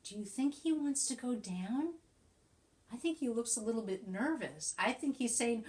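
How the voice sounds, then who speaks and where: A woman's voice: a little high, normal speed, a little hiss or hum. Coaxing woman teacher reading aloud. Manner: animated, coaxing, asks children questions. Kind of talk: reading a picture book aloud to young children.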